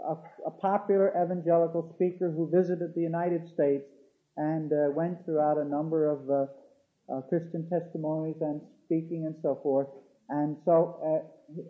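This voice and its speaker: A man teaching a theology class, hesitating with fillers and restarts, then reading quoted passages aloud with emphasis. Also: a little high. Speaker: theology lecturer. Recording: dull lo-fi classroom recording.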